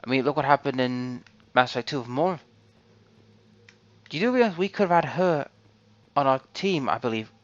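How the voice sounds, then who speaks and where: A man hosts a casual video game playthrough, muttering his thoughts as he wanders around. His voice sits at an ordinary pitch. The recording sounds dull and lo-fi. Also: lively intonation, moderate pace, pauses often, no echo. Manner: muttering to himself while exploring. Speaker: let's play host. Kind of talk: casual gameplay commentary.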